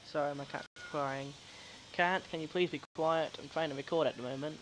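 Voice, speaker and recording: Male let's-play host, chatty and joking, a bit high-voiced, recorded at home over a light noise floor. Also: steady tone, normal speed, a bit bright, poor audio. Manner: chatty, jokey, swears, talks to game characters. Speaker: gaming video host. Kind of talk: casual gameplay commentary.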